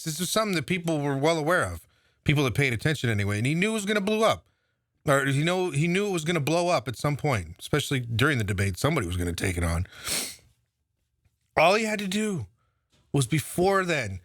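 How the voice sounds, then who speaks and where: A man's voice: fairly high pitch, a bit bright, dry recording, studio quality. Sarcastic, profane man ranting. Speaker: political commentator. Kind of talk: casual political rant.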